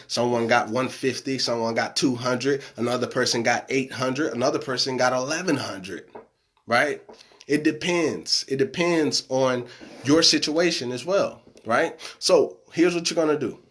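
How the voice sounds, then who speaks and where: A man's voice: medium pitch, a bit bright. A young man coaching viewers on a live stream, emphatic and repetitive, tagging his points with "right?" and "okay?". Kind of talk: casual live-stream pitch.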